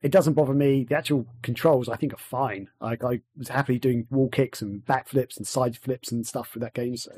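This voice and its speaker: A man's voice: medium pitch, fairly even intonation, a little fast, hardly any pauses, mellow, slightly rough. English guy rambling on a podcast. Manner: rambling, hesitant, many fillers and restarts. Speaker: podcast host. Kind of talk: casual gaming podcast chat.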